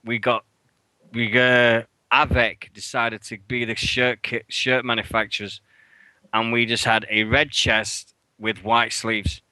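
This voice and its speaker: A man co-hosting a radio show, telling an animated story with swearing and sudden jumps in pitch when he acts out his outrage. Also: unhurried, no room sound, poor audio. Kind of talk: casual storytelling chat. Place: radio studio.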